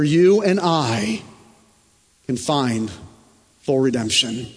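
A male pastor preaches a sermon in an unhurried, deliberate cadence, his voice sitting a bit high for a man. He drives home phrases with emphasis, then drops into hushed, low stretches. A long church reverb trails every word. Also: expressive. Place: church sanctuary.

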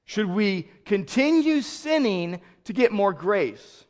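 A man preaching a sermon as pastor, swinging from loud outrage to quiet explanation. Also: high-pitched, very animated, takes it slowly.

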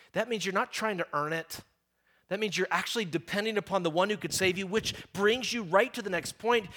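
A man in his forties delivering a conversational sermon, his voice sitting a bit higher than most men's. He preaches with a joking, sarcastic streak and slips easily into lively storytelling.

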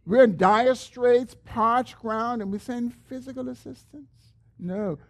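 A man preaching a sermon as pastor. He is earnest, lifts his voice when he quotes a prayer, and drops low and slow at the end of phrases.

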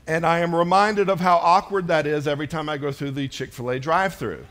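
Middle-aged male pastor, slightly high voice, chatty and playful from the pulpit. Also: fairly even intonation, a little fast, a bit bright. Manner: conversational and joking, addressing a congregation. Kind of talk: sermon.

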